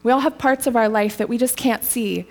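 A woman's voice: on the high side, steady tone, a little fast, darkish tone. A woman preaching a sermon in a casual, storytelling way, laughing lightly now and then.

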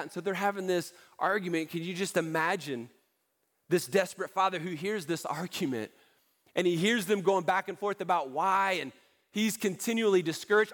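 A man's voice: high-pitched, normal speed, a bit bright. A man preaching a sermon in an earnest, pleading way, repeating key phrases to drive them home. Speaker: pastor.

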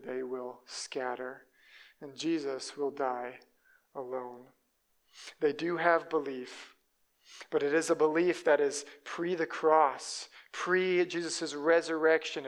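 A man's voice: fairly high pitch, fairly bright tone. A man preaching a sermon as a pastor, walking through a Bible passage and acting out the people he quotes. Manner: storytelling preacher who voices quoted speakers.

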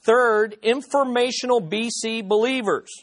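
Guy pastor with a pretty high voice, preaching, earnest and lively, lots of rhetorical questions. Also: measured pace. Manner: earnest, animated storytelling with repeated rhetorical questions. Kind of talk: sermon teaching.

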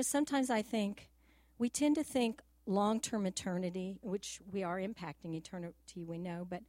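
A middle-aged woman speaks earnestly to a church congregation, telling homely family stories in a practical, down-to-earth manner. Her voice sits in an ordinary middle pitch and is recorded dry and close, with no room sound. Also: no echo. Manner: earnest, personal and practical, with a gentle down-home storytelling way. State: tearful at times. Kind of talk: church testimony.

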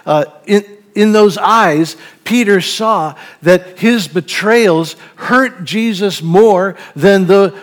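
A man's voice: high-pitched, slow pace. A man preaching a sermon, reading a Bible passage and then reflecting on it in an earnest, thoughtful way.

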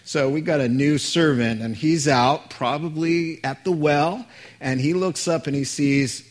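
A man's voice: a little high, unhurried. A man preaching a sermon as a pastor, conversational and joking with the congregation.

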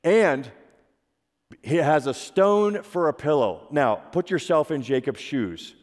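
A man's voice: a little high, lively intonation, slow. A man preaching a sermon, retelling a story conversationally and asking his listeners rhetorical questions. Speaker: pastor. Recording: long reverb of a large hall.

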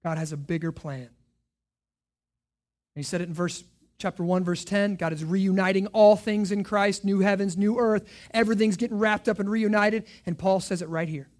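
Pastor guy preaching, high voice, goes quiet then loud, lots of questions. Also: fairly even intonation, moderate pace. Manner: emphatic preaching, rhetorical questions, swings from hushed to loud. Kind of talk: sermon.

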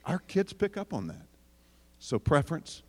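A man preaching to a packed hall, his fairly high voice carrying with a long reverb tail. He jokes and teases the audience, asks them questions, and then turns serious. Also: a little slow. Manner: animated, joking, addresses audience directly. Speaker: speaker on parenting. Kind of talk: sermon.

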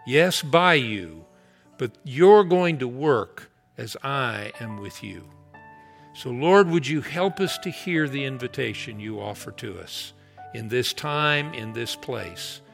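A man preaching a sermon, earnest and emphatic, easing into a slow, heartfelt prayer. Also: mid-range voice, lively intonation, gravelly, fairly bright tone, faint music behind. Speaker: pastor.

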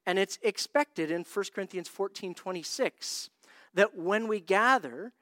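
A man's voice: high-pitched, unhurried, a bit bright, no room sound, clean studio sound. A man preaching a sermon, telling a story and acting out the people in it. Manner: storytelling, acts out quoted voices. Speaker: pastor.

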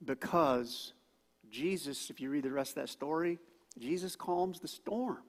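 Animated pastor preaching in a big hall. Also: male voice, a little high, a little slow. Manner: animated, acts out quoted voices loudly. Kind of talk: sermon. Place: church auditorium. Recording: long hall reverb.

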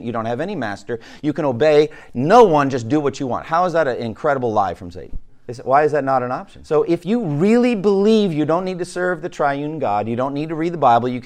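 A man's voice: mid-range voice, darkish tone. A male pastor giving a conversational sermon, asking his listeners questions and often restarting his words. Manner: conversational teaching, asks the room questions.

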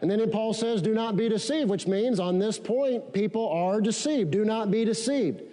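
Male pastor, high mellow voice, call-and-response preaching, big reverberant sanctuary. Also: moderate pace. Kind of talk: sermon. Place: large church sanctuary. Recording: long hall reverb.

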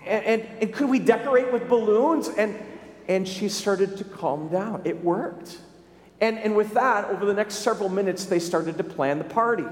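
A man preaching a sermon, telling a story with frequent halting repeats. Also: sits high. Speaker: pastor. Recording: echoey, reverberant space.

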